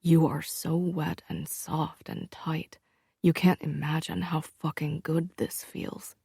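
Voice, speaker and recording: A woman reading the part of a calm, commanding young man in a low, hushed voice for an audiobook. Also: takes it slowly, vocal fry, breathy edge, no echo, clean studio sound, exaggerated voice. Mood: low intimate.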